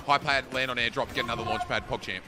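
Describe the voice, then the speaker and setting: A man giving live commentary to his chat while playing a tournament match, excitable, swearing and yelling at opponents. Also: mid-range voice, fast talker, heavy background noise. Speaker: streamer playing a battle royale tournament.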